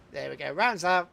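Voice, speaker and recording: A man's voice: sits high, creaky, sharp tone, slight background noise. Chatty man streaming a game. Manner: chatty, chuckling, talks to chat. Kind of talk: live gameplay commentary.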